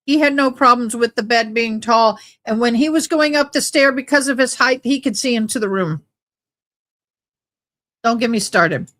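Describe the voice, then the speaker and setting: A woman's voice: a little high, moderate pace, fairly bright tone. A woman hosting a live trial-watch stream, reading letters aloud and breaking off into wry, chatty asides to her viewers.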